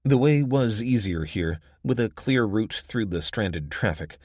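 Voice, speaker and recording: Deep-voiced male audiobook narrator. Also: lively intonation, unhurried, a little mellow, no room sound, clean studio sound. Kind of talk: scripted narration.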